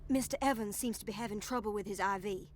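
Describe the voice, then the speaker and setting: A woman's voice: mid-range voice, fast talker, natural voice. An actress voicing a curt, matter-of-fact woman nurse in a video game. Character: brisk rule-bound woman asylum nurse.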